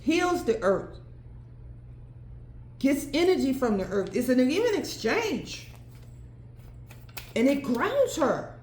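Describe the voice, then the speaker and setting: A tarot reader with a high, darkish voice muses aloud at an unhurried pace through a solo reading, her pitch swinging widely as she often exclaims and laughs. Her voice echoes in a roomy space with faint ambience and slight background noise.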